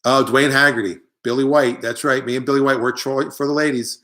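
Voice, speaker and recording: A middle-aged man with a plain, mid-pitched voice, holding forth in a loose comic monologue. He rambles from point to point, tosses off wry asides and answers viewers as he goes, talking casually, like someone hosting his own live stream. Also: steady tone, fairly quick, fairly bright tone. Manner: rambling, opinionated, jokey asides. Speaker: comedian hosting a live online show.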